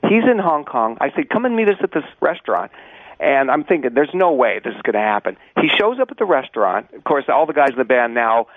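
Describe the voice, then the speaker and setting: A man's voice: mid-range voice, sing-song, fast, hardly any pauses, no room sound. A man who is a musician, calling in as a guest and casually telling a story, often repeating words as he starts a sentence. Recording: tinny phone line.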